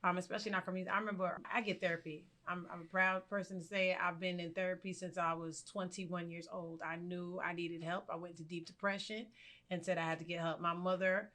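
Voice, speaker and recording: A woman's voice: lowish voice, fast talker. A woman teacher on a live panel, earnestly telling personal stories and acting out what others said. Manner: earnest, storytelling, animated quotes.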